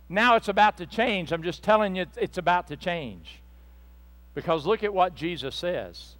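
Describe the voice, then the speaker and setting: Male preacher, high voice, fervent sermon that swings from loud bursts to hushed asides. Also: expressive, moderate pace. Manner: speaks to the congregation directly, with asides and apologies.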